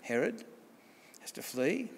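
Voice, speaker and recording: A man's voice: a little high, very animated, takes it slowly, gravelly, husky. A man with an Australian accent preaching a sermon in a conversational way, often asking questions and restarting phrases. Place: church hall. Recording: long church reverb.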